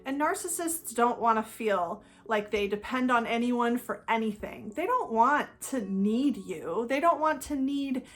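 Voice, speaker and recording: A woman hosting a talk on psychology, explaining earnestly and slowing down for emphasis. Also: on the high side, expressive, faint music behind. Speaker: host. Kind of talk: personal talk about psychology.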